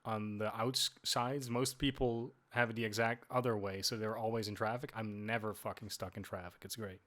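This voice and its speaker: A man's voice: fairly low pitch, flat delivery, normal speed, a bit bright. A man co-hosting a podcast, chatting casually and ranting with lots of swearing and restarted sentences. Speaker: podcast co-host. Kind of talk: casual chat. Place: lives in Amsterdam.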